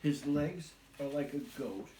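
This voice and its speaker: An older man, a grandfather, telling a children's story at home in a gentle, patient way. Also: fairly high pitch, expressive, a little slow. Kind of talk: bedtime storytelling. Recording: echoey, distant, noisy home recording.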